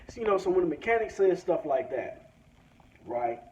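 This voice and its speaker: A man's voice: high-pitched, moderate pace. Profane ranting man, lo-fi audio. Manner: profane, animated, acts out both sides of conversations. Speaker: vlogger. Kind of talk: ranting storytelling. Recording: dull lo-fi sound with faint background hiss.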